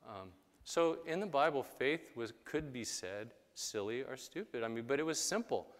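Male preacher, mid-pitched, chatty delivery that slips into quick character voices, with a long hall echo. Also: expressive. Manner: conversational, acts out quick quoted voices. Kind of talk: sermon.

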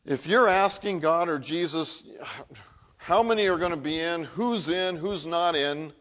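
A man preaching a sermon, muffled and lo-fi. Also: a little slow. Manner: earnest, building to emphatic peaks then dropping low and quiet. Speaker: pastor. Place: church sanctuary. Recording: muffled, lo-fi recording.

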